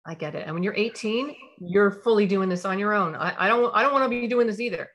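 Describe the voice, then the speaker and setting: A woman playing a mother who sets a phone rule for her teenager, with steady and caring delivery. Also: medium pitch, quick pace. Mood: calm. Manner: firm, then calm and soothing.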